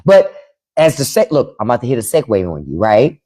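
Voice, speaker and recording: A woman's voice: extremely low pitch, sing-song, brisk, mellow. A middle-aged woman hosting a casual livestream from home into a microphone, acting out quoted voices as she talks. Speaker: livestream host.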